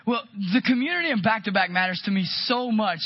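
A man preaching a sermon, telling a story with lively, animated delivery and acting out quotes. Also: high voice, a little fast, no echo, muffled recording. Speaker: pastor.

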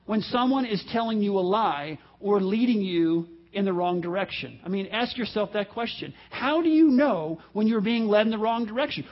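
A high-pitched male pastor preaching earnestly, often repeating himself and slipping into quoted voices. The recording is dull and lo-fi. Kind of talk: sermon. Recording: dull lo-fi audio.

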